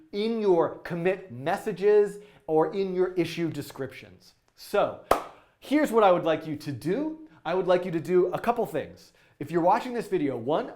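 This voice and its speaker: Male live-stream coding host, high-ish voice, excitable, rambling, lots of fillers. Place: indoor studio.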